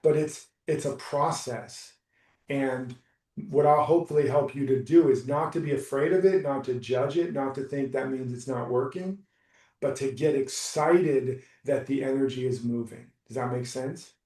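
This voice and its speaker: A man coaching someone through a live session, talking in a soft, reassuring, unhurried way. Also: medium pitch. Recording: roomy, distant from the mic.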